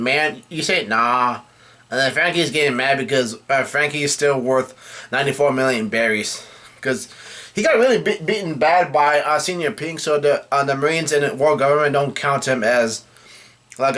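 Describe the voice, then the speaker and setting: A man's voice: mid-range voice, a bit bright. A man casually reading a comic chapter aloud, voicing the quoted lines in his own plain voice and often correcting himself mid-sentence. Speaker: manga reader. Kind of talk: casual manga chapter read-through.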